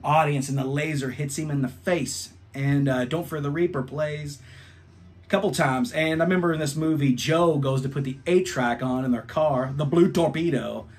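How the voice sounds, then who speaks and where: A man's voice: fairly high pitch, normal speed. A man in his thirties reviewing albums, telling a rambling, profane story in a casual vlog.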